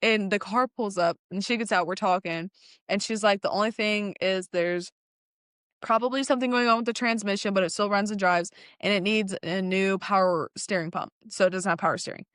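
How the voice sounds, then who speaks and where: Telling her car story as a guest in a casual storytelling chat, a young woman talks a little fast, her middle-pitched voice close and dry on the recording. She's animated, with frequent laughs breaking in, and she performs each person's quoted lines.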